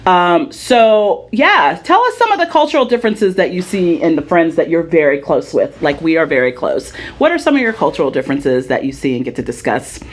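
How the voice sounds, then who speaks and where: A woman hosting a casual couch chat, telling stories in an animated, playful way. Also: deep voice, brisk, few pauses. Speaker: host.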